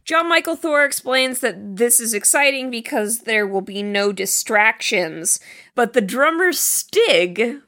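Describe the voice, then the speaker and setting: A woman co-hosting a casual podcast, curious and quick with questions about a film. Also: a little high, lively intonation, pushed and bright. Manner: curious, asks questions, laughs. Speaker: podcast co-host. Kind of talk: casual chat reviewing a film.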